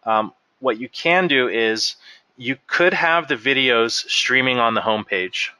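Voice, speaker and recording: A man leading a software training webinar, explaining settings step by step as he clicks through them. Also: mid-range voice, measured pace, smooth, no room sound. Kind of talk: screen-share software walkthrough.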